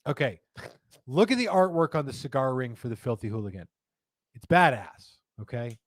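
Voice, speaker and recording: In a studio room, a man running a live cigar show talks in a medium-pitched, sing-song voice at normal speed. He keeps the live-stream chat casual and joking and reads out comments from viewers, with no room sound in the recording.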